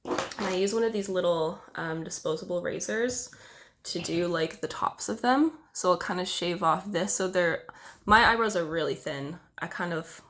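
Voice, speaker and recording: A woman's voice: lowish voice, moderate pace, fairly bright tone. A young woman vlogger with a cold, sounding nasal and congested, talking casually to camera and rambling self-consciously with lots of filler words. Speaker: beauty vlogger.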